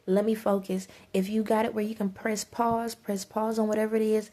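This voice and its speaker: A woman's voice: medium pitch, little pitch movement, brisk, few pauses, warm tone. A woman giving spiritual advice in a vlog, urging listeners on with emphatic repetition and frequent stumbles and restarts. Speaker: spiritual vlogger. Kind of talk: preachy spiritual advice monologue.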